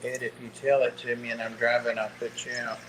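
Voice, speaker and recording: A man's voice: medium pitch, level tone, a little fast, background noise. A man making dry, laid-back remarks in casual chat on a livestream.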